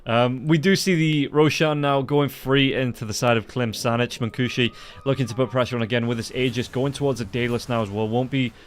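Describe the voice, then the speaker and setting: A man doing play-by-play esports commentary, quick and lifting into excited calls during fights. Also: mid-range voice. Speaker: esports caster.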